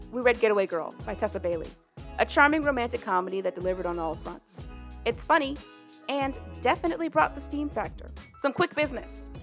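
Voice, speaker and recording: A woman's voice: a little high, fairly bright tone. Bubbly woman podcast co-host. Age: late 20s. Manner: bubbly, laughs often. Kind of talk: casual chat.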